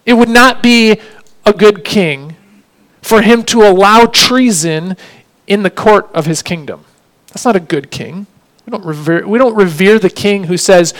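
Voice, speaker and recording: A man with a high-pitched voice preaches a sermon. He speaks earnestly and keeps asking his listeners questions as he makes each point. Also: unhurried, fairly bright tone. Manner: earnest, asks rhetorical questions.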